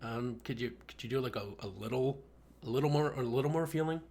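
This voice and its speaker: Podcast host guy, mid-pitch, rambly, kinda exasperated. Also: fast, creaky, a little mellow. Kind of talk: casual podcast chat and comedy sketch.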